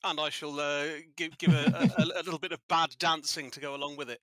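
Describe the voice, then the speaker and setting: A man's voice: a little high, steady tone, fast talker, fairly bright tone, dry recording, studio quality, lightly acted. A man voicing a chatty Irish stage magician from Dublin, rambling in a folksy, lilting way. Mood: cheerful.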